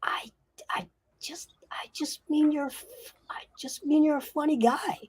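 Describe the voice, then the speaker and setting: A woman voicing a nervous little male imp servant who stammers in a high whisper. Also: steady tone, a little slow, darkish tone. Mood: timid.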